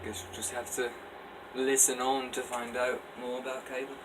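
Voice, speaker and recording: Man, casual storyteller, relaxed reading, distant mic, faint AC hum. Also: mid-range voice, normal speed. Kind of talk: casual read-aloud storytelling. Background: faint air-conditioner hum.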